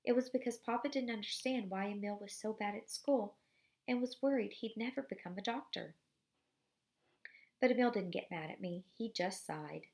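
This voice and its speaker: A woman reads a children's novel aloud in a steady, expressive way, her voice carrying a gravelly, creaky texture. She sits at middle pitch and sounds like a teacher reading to a class. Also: normal speed. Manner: steady, expressive reading with brief apologies for slips.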